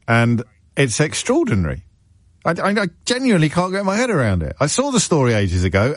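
A man hosting a talk radio phone-in in a studio, talking briskly and cutting in on callers. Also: mid-range voice, sing-song, dry recording. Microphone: studio microphone.

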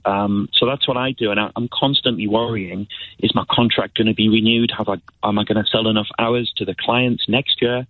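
A man's voice: on the low side, steady tone, brisk, no echo. A man from northeast England calling in to a radio show, talking in an earnest, hesitant way, with a northeast English accent. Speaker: caller. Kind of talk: phone-in call. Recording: tinny phone line.

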